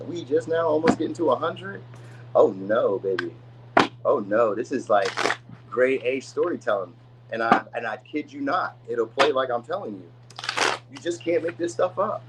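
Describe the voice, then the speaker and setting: A man with a medium-pitched, animated voice speaks at a moderate pace over very noisy audio. He gives a casual tarot reading to camera, rambling and chatty with plenty of asides. Now and then he acts out the people he describes, putting on voices for them.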